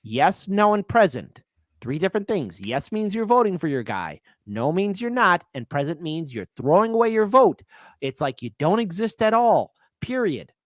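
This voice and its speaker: A man's voice: sits high, big pitch swings, normal speed, dry recording, studio quality. A man hosting a casual political commentary show, rambling and emphatic, repeating points. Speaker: host.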